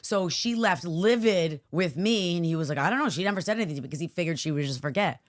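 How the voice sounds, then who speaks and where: Fast-talking woman telling a story. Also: lowish voice, dry recording, studio quality. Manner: animated storyteller acting out quoted people. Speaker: podcast co-host. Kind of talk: casual chat. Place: studio.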